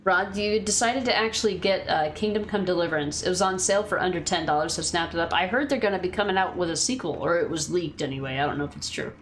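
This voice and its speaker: A woman's voice: fairly low pitch, fast, hardly any pauses, a little hiss or hum. A woman streaming a game, chatting casually, swearing freely and answering her chat. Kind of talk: casual gameplay commentary.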